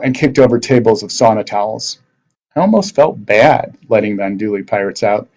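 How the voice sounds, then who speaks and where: A man teacher reading a novel aloud to his class with expressive narration. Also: lowish voice, low-quality recording.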